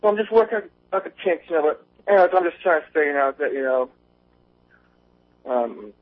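A man's voice: on the high side, animated, brisk. A man calling in to a radio show from outdoors on a windy day, nervous and rambling, with many fillers and restarts. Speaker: caller. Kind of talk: nervous call-in chat. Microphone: phone line. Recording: tinny phone line.

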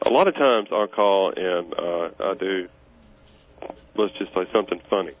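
A man's voice: sits low, normal speed. A man calling in to a radio show, explaining his point earnestly. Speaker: caller. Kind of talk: phone-in call. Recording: tinny phone line with faint hiss.

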